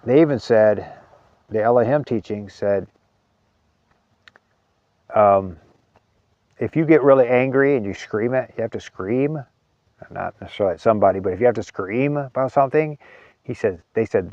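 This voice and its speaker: A man giving an earnest spiritual talk, halting often and repeating words as he searches for them. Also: mid-range voice, a little mellow, dry recording, muffled recording. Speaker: spiritual teacher.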